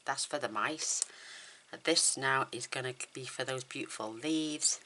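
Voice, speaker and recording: A woman's voice: rumbling low, a little slow, pushed and bright, a little hiss or hum. A woman demonstrating a papercraft card in a chatty, enthusiastic, rambling way, with her mouth numb from the dentist. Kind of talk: casual crafting tutorial.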